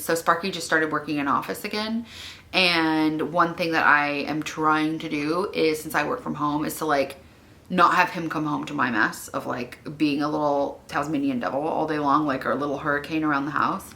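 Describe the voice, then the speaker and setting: Chatty, bright-voiced young woman vlogging at home. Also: low-pitched, fairly even intonation, moderate pace. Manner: chatty, rambling, many "like" fillers; emotional, wavering at times. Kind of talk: casual vlog chat. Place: her home.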